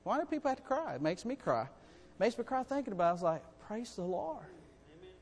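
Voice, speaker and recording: A man preaching a sermon to his congregation, in a folksy, animated way with calls for amens. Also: sits high, quick pace, slightly rough. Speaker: pastor. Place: church sanctuary. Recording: long reverb in a church hall.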